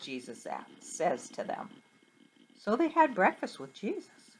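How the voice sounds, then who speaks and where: A woman's voice: mid-range voice, wildly swooping pitch, unhurried, slightly rough. A middle-aged woman, a Sunday school teacher, telling a Bible story to children with questions and a sing-song delivery.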